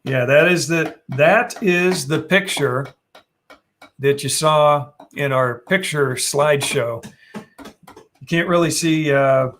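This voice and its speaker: A man's voice: medium pitch, a bit bright, a little hiss or hum. A man co-hosting a casual live stream, rambling and restarting sentences as he talks through what's on screen, his voice worn and fading. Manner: rambling, restarts sentences, narrates what he's doing on screen. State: losing his voice.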